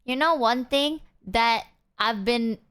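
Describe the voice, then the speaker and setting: A young woman streaming and chatting openly to her audience, her voice sitting high and bright. She talks in loose, rambling runs with big upward swings. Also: slow pace, slight background noise. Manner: animated, swinging pitch, candid and rambling. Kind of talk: casual chat to stream viewers.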